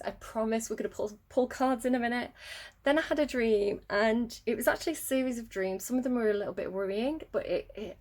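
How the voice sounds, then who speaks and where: Chatty English woman, rambling tarot reader. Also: on the high side. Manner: rambling, chatty, many fillers and laughs. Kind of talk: casual storytelling in a tarot reading.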